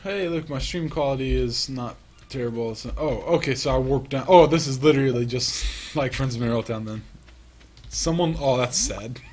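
Low-key man musing over gameplay. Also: moderate pace, darkish tone, a little hiss or hum. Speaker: gaming YouTuber. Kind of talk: casual let's-play commentary.

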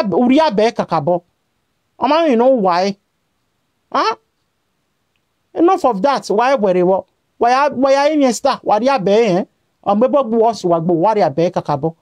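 A woman's voice: mid-range voice, animated, normal speed, long pauses, a little mellow, no echo. A woman with a Nigerian accent giving a scolding, repetitive rant straight to her vlog audience, switching between Pidgin and a local language. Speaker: vlogger. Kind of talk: scolding direct-to-camera rant.

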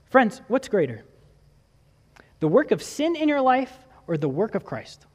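A man's voice: sits high, big pitch swings, measured pace. Man preaching in a reverberant church. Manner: preaches with rhetorical questions and scripture readings. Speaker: pastor. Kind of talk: sermon. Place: church sanctuary.

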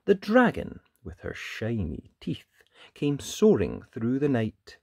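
A man reading a rhyming picture book aloud, in a lively sing-song storytelling manner. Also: medium pitch, takes it slowly, vocal fry, slightly rough, no echo, clean studio sound. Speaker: storybook reader.

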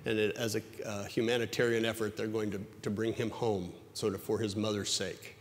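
A man's voice: level tone, a little fast. Pastor guy preaching in a church hall, long echo, chatty, voice goes up on big points. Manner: conversational preaching, rising in pitch when stressing a point. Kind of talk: sermon. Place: church sanctuary.

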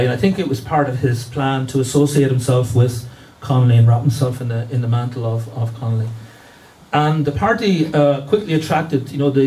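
A man's voice: mid-range voice, warm tone. Hesitant man lecturing from afar. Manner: hesitant, many fillers and restarts. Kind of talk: academic history lecture. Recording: distant mic with faint room noise.

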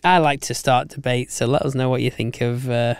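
A man in casual podcast chat with a smooth, resonant voice, often stumbling over his words before going on. The sound is close and dry. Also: medium pitch, fairly even intonation, a little fast, no room sound. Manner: chatty, stumbling restarts, laughs often. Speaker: podcast co-host.

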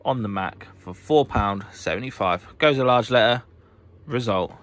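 A man's voice: on the low side, moderate pace, fairly bright tone. A man, a reseller vlogging casually as he picks his orders, hyper and jokey, often talking to himself. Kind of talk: casual vlog while packing orders.

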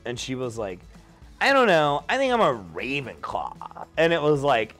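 A drunk young man telling a rambling story, jumping into loud high-pitched quotes. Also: huge pitch swings, moderate pace, soft background music. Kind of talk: tipsy rambling anecdote.

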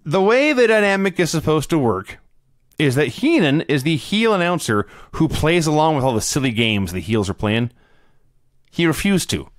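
A man in a casual podcast chat, laughing as he explains events, his slightly high voice moving a lot in pitch. The recording is dry and close, with no room sound. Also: big pitch swings, normal speed, no echo. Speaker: podcast co-host. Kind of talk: casual chat recapping wrestling.

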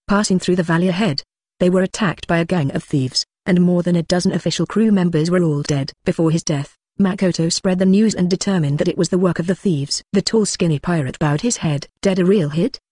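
A synthetic-sounding narrator reading a translated novel in an even, uninflected way. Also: medium pitch, fairly quick, no echo, clean studio sound. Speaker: audiobook narrator. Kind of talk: scripted narration.

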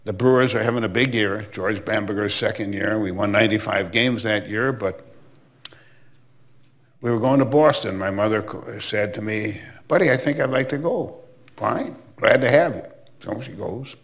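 A man's voice: on the low side, normal speed. An older man from Milwaukee, a former baseball commissioner, telling anecdotes in an interview with chatty asides. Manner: anecdotal, warm reminiscing with asides. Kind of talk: storytelling interview.

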